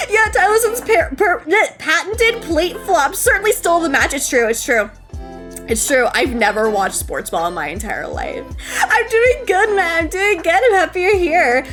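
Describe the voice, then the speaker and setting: A young woman streaming, chatting casually and reading chat, giggly and bubbly, jumping between squeals and low mumbles. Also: a bit bright. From United States. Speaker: VTuber streamer.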